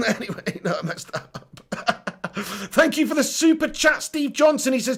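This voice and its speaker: A man's voice: very high-pitched, very animated, measured pace, husky. A man hosting a live stream, chatting casually and joking while reading out viewer comments. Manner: jokey, reads out chat messages.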